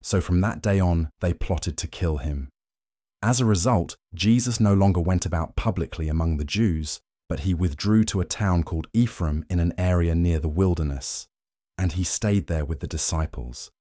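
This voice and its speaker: Deep-voiced man reading scripture. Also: moderate pace, mellow, no room sound, studio quality. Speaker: scripture reader. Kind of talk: scripted Bible narration.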